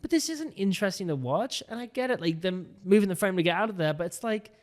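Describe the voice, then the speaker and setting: High-voiced young man ranting casually. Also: expressive, fast. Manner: rambling, lots of "like" fillers, frustrated. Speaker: podcast co-host reviewing a TV episode. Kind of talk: casual chat.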